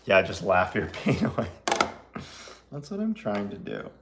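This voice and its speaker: A man's voice: fairly low pitch, wildly swooping pitch, measured pace, background noise. Chatty, laughing man on a kitchen live stream. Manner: chatty, laughs often, jokey. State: laughing through a cut finger. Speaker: baker hosting a live stream. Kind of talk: casual live-stream chat. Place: home kitchen.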